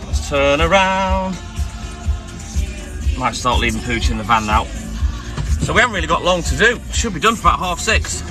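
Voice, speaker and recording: A man's voice: fairly high pitch, sing-song, fast, music in the background. Chatty milkman reading out viewer comments. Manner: chatty and friendly, gives viewers shout-outs by name. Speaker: milkman live-streaming his round. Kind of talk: casual live-stream chat reading out comments. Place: out on a milk round, in and out of a van.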